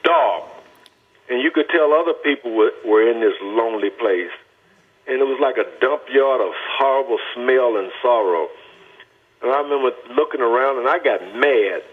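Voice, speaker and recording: An older man from Texas speaks earnestly and deliberately, leaning hard on his words as he tells his testimony. His voice is husky and of middling pitch. The sound comes through a thin, tinny phone line. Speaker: guest. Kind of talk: personal testimony storytelling.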